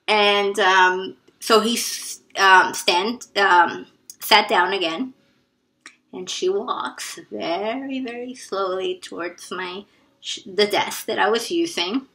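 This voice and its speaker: A woman vlogger earnestly retelling her first day of high school, with some hushed asides. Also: slow pace. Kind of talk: personal storytelling.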